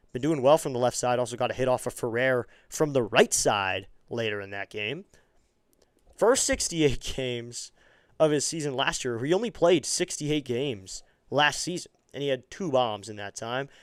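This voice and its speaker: A smooth-voiced man, recorded dry in clean studio conditions, calls a baseball game as an amateur fan streamer. His voice rises steeply in pitch and volume during exciting plays and settles into chatty side comments for the viewers.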